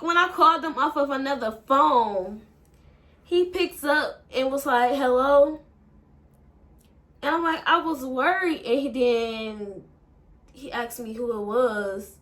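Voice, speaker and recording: Rambling woman, higher voice, venting about a breakup and cussing a lot. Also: pushed and bright. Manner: rambling, emotional, swears a lot. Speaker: vlogger. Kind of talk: casual storytime.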